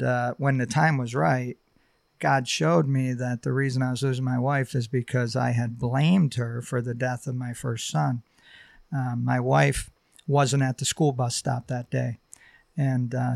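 A middle-aged man sharing a personal testimony on a podcast, halting and heartfelt, with many fillers. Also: medium pitch, gravelly, no room sound. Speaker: podcast guest.

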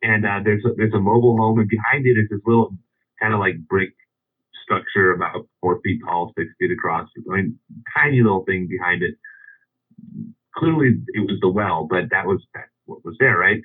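Low, husky man telling a rambling story, on a tinny phone line. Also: normal speed. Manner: rambling, with many restarts and chuckles. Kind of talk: casual anecdote.

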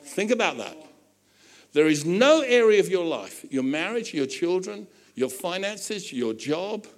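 Animated male preacher with a lively pitch. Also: unhurried. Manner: animated preaching with humorous asides. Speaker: pastor. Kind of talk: sermon.

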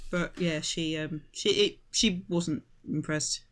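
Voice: medium pitch, steady tone, slow, fairly bright tone. A podcast co-host chatting casually about films, rambling a little. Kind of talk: casual film chat.

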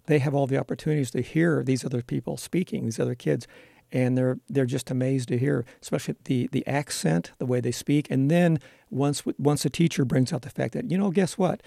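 A man's voice: medium pitch, fairly even intonation, a little fast, gravelly, mellow, no echo, studio quality. A man who teaches school, answering interview questions in an earnest, explanatory way with frequent fillers.

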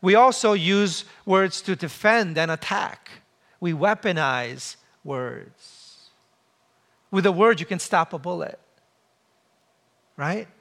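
A man's voice: sits high, slow, vocal fry, pauses often, a bit bright. A man in his forties giving a sermon in a conversational, humorous way, asking the listeners questions. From came to the US as a child. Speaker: pastor.

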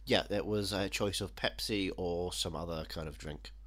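Sardonic man, bright voice. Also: sits low, normal speed. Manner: animated, sardonic ranting. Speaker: podcast host. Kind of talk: casual chat.

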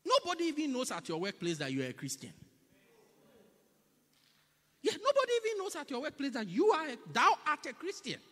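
A man's voice: very high-pitched, wildly swooping pitch, fast talker, bright, forceful tone. A man preaching a sermon in a church, emphatic and repetitive, slipping into mocking impressions. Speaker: pastor. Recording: long reverb in a large hall.

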